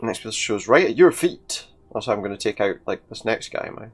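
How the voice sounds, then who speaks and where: A young man comments casually while playing a video game, reading its dialogue aloud in varied character voices. His voice is lowish, husky, expressive and fast, and his manner is chatty.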